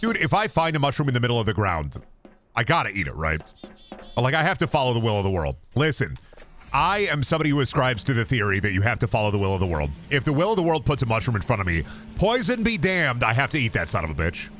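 A man streaming a video game, cursing and trash-talking loudly, then dropping to low mutters. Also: big pitch swings, fast talker, soft background music. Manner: profane, rowdy trash talk to the game; jumps between loud yelling and low mutters. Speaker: gaming streamer. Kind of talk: live gaming stream commentary.

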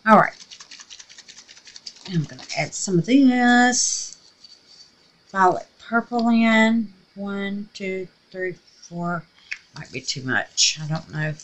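Here a resin craft vlogger talks viewers through a project in a relaxed, gushing tutorial. Her mid-range voice is slightly scratchy and animated, and she moves slowly, pausing often.

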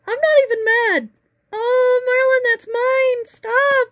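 Woman, very high bright voice, slow unhurried talk, playful teasing chat with her cat, dry close sound. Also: steady tone, no echo. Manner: playful, teasing, laughing often. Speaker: pet vlogger.

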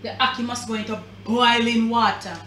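A woman's voice: a little high, steady tone, normal speed, noisy background. A woman with a Jamaican accent hosting a cooking show, talking viewers through a recipe in a chatty, emphatic way. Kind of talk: casual cooking demonstration. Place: home kitchen. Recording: roomy sound from a distance.

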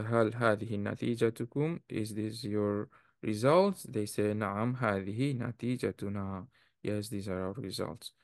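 Male teacher, gravelly and dry, explains grammar patiently and quizzes students. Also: medium pitch, no echo. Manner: patient, explanatory, asks the class questions. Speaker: Arabic teacher. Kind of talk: classroom lesson explaining grammar.

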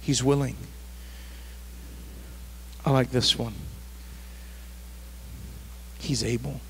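A man's voice: medium pitch, steady tone, very slow, gravelly, slight background noise. A man pastor preaching a sermon at a church service, emphatic and fond of repeating his phrases.

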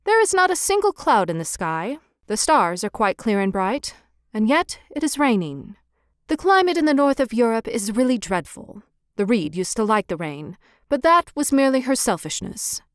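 A woman's voice: on the high side, sing-song, moderate pace, no echo, studio quality. A woman voicing a vain, fussy little male swallow who chatters and gets straight to the point.

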